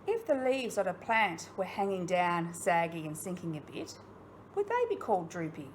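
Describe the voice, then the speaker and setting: A woman's voice: fairly low pitch, big pitch swings, moderate pace, slight background noise. A woman with an Australian accent, a primary school teacher giving a recorded online lesson to young children. She asks questions and speaks encouragingly and expressively, straight to her pupils.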